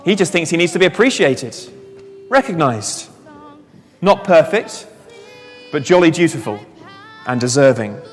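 A man preaching a sermon, telling a Bible story with lively asides and questions to the congregation. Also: a little high, a little slow, pauses often, faint music behind. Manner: animated storytelling, reads scripture aloud, asks the congregation questions. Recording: long reverb of a large hall.

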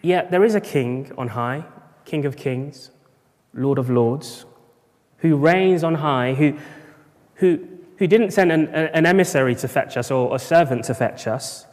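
Preacher in an echoing hall. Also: male voice, a little high, a little slow. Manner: rhetorical, builds up in bursts of emphasis. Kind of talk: sermon. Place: church at a morning service. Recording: long reverb of a large church hall.

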